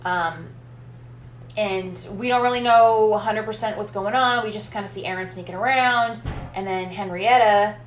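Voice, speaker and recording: A woman's voice: mid-range voice, moderate pace, echoey room, slight background noise. A woman in casual film discussion, chatty, recapping the plot in detail with little sidebars.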